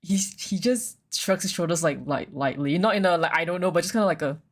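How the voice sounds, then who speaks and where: A woman playing a tabletop game, describing her character's actions in a halting, giggly way. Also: on the low side. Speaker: player.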